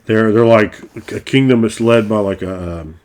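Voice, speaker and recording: A man's voice: on the low side, normal speed, darkish tone, slight background noise. A middle-aged man and game master talking casually in a rambling way, restarting often and swearing freely. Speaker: game master and video host.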